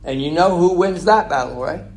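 A man's voice: on the high side, normal speed, a little mellow. A man preaching a conversational sermon, asking the congregation rhetorical questions.

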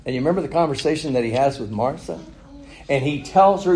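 A man's voice: medium pitch, animated, a little fast, warm tone, echoey room, a little hiss or hum, poor audio. A man preaching a sermon, retelling a story with chuckles and rhetorical questions. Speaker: pastor.

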